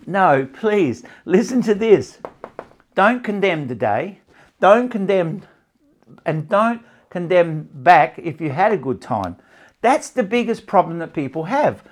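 A man coaching stress relief and sleep in front of a small live audience. His voice sits a little high for a man and swings widely in pitch. He repeats his points and keeps asking whether the listeners follow him. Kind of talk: live talk to an audience and camera.

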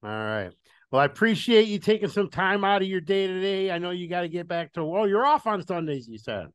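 A man's voice: sits high, very animated, fairly quick, clear, resonant tone, no room sound. A man hosting a podcast in casual chat, frank and opinionated with a wry edge. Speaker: podcast host.

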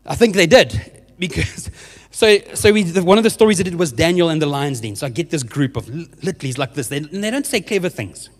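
A young man, a youth minister telling a humorous testimony in a church service, animated and often laughing at himself. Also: a little high, brisk. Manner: animated storyteller, laughs often, self-mocking. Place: church hall with a live audience. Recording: reverberant hall sound.

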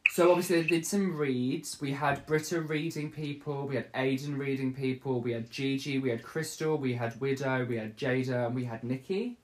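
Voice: mid-range voice, fairly even intonation, moderate pace, hardly any pauses, a little hiss or hum. A podcast host rambling through a casual chat and laughing often.

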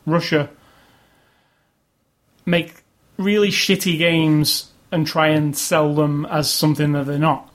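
A man's voice: a little high, flat delivery, takes it slowly, long pauses. A man casually chatting about video games as a podcast co-host, opinionated and rambling. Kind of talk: casual chat.

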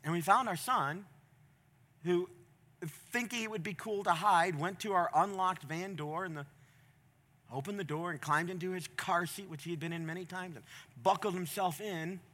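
Bright-voiced passionate male pastor preaching. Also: high voice, moderate pace. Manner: passionate, swings from quiet storytelling to loud emphatic preaching. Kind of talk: sermon. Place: church stage.

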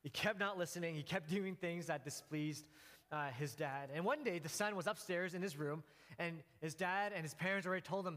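A man preaching a sermon, telling a story in an earnest way, pausing and restarting as he goes. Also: a little high, fairly bright tone. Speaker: pastor. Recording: long hall reverb.

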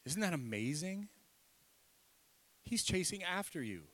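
A man preaching a sermon as pastor, swinging from soft, tearful passages up to loud, emphatic peaks. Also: sits high, very animated, unhurried. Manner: impassioned, building to loud emphatic peaks then dropping soft. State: tearful, nose running.

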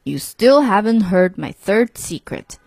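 A woman voicing a wise old male grandpa toad in a storybook reading, with a breathy voice. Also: medium pitch, big pitch swings, darkish tone, dry recording, heavily acted. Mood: solemn. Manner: slow, declaring, sage.

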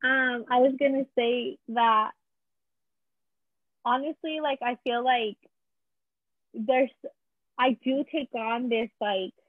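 A woman's voice: on the high side, fairly even intonation, slow pace, long pauses, dry recording. A young woman from Mexico with a Mexican Spanish accent, chatting casually with lots of fillers and switching into Spanish. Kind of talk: casual chat. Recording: tinny phone line.

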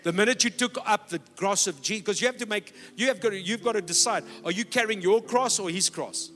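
A middle-aged man preaching a sermon, emphatic, swinging from loud exhortation down to low, quiet lines. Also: brisk. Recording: long hall reverb.

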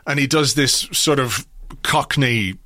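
A man's voice: mid-range voice, unhurried, bright, forceful tone, no echo. A man from Ireland, co-hosting a casual podcast chat, talking loosely and swearing now and then. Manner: chatty, swearing, self-interrupting. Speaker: podcast co-host.

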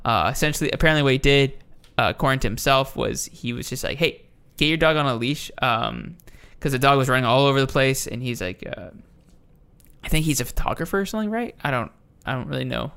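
Role: podcast host. Style: casual chat. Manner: heated, profane rant with frequent restarts. Pitch: middling. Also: lively intonation, fast, vocal fry, fairly bright tone, smooth. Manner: ranting, profane, with many restarts.

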